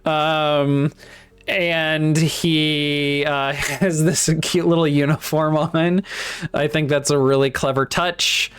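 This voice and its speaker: A man's voice: fairly high pitch, level tone, slow pace, fairly bright tone, clean tone. A man co-hosting a casual book discussion podcast who reads passages aloud and reacts hesitantly, with frequent ums and laughter. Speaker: podcast co-host.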